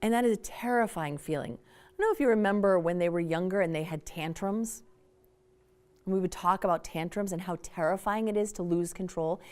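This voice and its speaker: A woman speaker giving a public talk on parenting, animated and emphatic, acting out quotes as she goes. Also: on the low side, fairly quick, clean tone.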